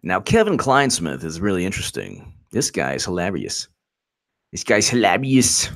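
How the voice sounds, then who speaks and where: A man's voice: low-pitched, wildly swooping pitch, normal speed, vocal fry. A man hosting a casual political commentary channel, sarcastic and mocking as he reads messages aloud.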